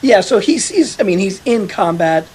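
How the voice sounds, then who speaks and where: A man telling a veteran's story in a casual podcast conversation, animated and quick to quote others. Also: high voice, slight background noise. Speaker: author interviewed about his article.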